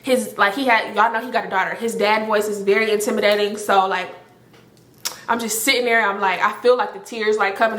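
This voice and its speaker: A young woman telling a story to camera in a casual, animated and profane way, with many filler words. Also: medium pitch, fairly quick. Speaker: storytime vlogger. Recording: roomy echo.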